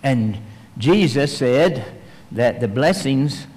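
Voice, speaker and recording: Male preacher, mid-pitched, folksy storyteller, lively then hushed, long hall echo. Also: slow pace. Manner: folksy storytelling, swings between animated and hushed. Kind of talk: sermon. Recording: long reverb, large hall.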